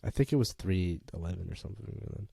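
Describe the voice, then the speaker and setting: A young man co-hosting a casual sports podcast, playful, given to swearing and bursts of excitement. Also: sits low, fast, creaky, husky, no room sound, clean studio sound. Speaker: podcast co-host. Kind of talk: casual chat.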